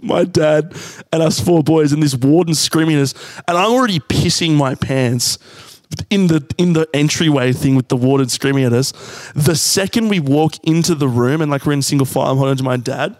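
A man's voice: on the high side, a little fast, darkish tone, no room sound, clean studio sound. A man with an Australian accent, co-hosting a podcast and telling a story in casual chat. He swears freely and acts out the voices in it. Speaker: podcast co-host.

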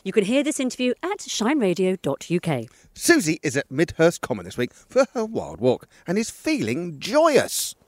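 A woman reads scripted radio links in a lively voice that jumps around in pitch. The sound is dry and close, with no room echo. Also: moderate pace. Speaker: radio podcast presenter. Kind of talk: scripted presenting.

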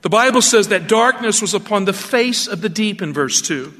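A man preaching a radio sermon in an animated, emphatic way, asking his listeners rhetorical questions. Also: high voice, normal speed, big-room sound.

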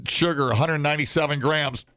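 A man co-hosting a casual radio show, animated and quick to burst into loud rants and laughs. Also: on the high side. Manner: animated, swings into loud outbursts, laughs often. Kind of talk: casual morning show banter.

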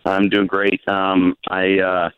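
A male caller with a very deep, flat voice comes through a tinny phone line. He speaks in a weary, even way. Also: takes it slowly, clear, resonant tone, dry recording.

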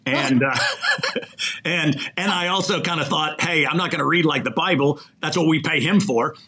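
Speaking fairly fast in a fairly high, husky voice that's pushed and bright, an older man tells stories as a podcast interview guest. He works as an executive recruiter, acts out dialogue, and laughs softly mid-sentence.

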